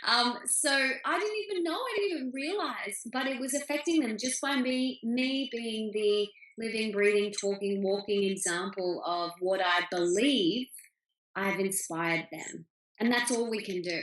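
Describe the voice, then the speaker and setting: A woman's voice: fairly high pitch, measured pace, fairly bright tone. A woman, an author answering interview questions over a video call, talking with enthusiasm and acting out things her family said. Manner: enthusiastic, acts out family quotes. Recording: roomy video call audio.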